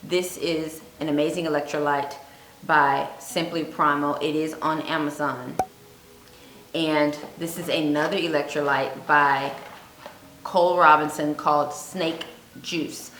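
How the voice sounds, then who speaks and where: A woman giving earnest fasting advice on her vlog, telling a personal story and repeating points for emphasis. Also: deep voice, fairly even intonation, fairly bright tone, a little hiss or hum. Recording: echoey room with faint music.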